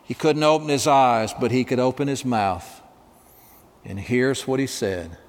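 A man preaching a sermon, telling a story with dramatic pauses and dropping to a hush at emotional moments. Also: medium pitch, big-room sound. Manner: dramatic, hushed at emotional moments, acts out dialogue.

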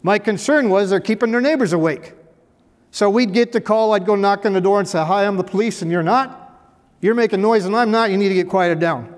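A man's voice: sits high, brisk. A middle-aged man, a former police officer, telling humorous stories to an audience in a folksy way with dry, self-mocking humor. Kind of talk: humorous storytelling talk to an audience. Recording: echoey hall reverb.

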